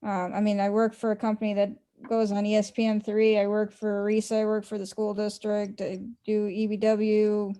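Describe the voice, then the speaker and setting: A woman student on a video call, speaking hesitantly with many pauses and fillers. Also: mid-range voice, completely flat delivery. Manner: hesitant, many ums, laughs softly. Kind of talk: casual video-call discussion.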